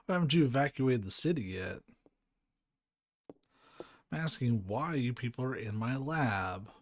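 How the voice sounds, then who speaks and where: A man's voice: medium pitch, lively intonation, measured pace, slight background noise, natural voice. A man reading the lines of an arrogant, hostile older scientist in a video game, speaking in a scornful, demanding manner. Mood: interrogating.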